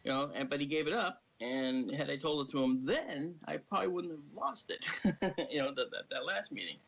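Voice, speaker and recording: Gravelly man telling a story. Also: on the high side, moderate pace. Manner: animated storyteller, acts out quoted voices. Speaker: guest. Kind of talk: casual storytelling on a live stream. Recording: dull lo-fi stream audio.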